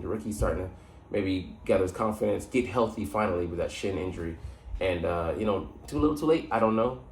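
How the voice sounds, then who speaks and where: Low-voiced man rambling about football. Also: reverberant, a little hiss or hum. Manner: rambling, many fillers and self-corrections. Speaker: sports commentator. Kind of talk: casual solo sports talk.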